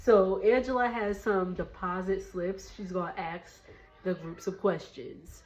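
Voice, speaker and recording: A woman casually recapping a reality TV episode, gossipy and quick to laugh, acting out what the cast said. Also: mid-range voice, faint music behind, low-quality recording. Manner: gossipy, laughs often, quotes cast members in lively voices. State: drowsy, winding down for bed. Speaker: recap vlogger.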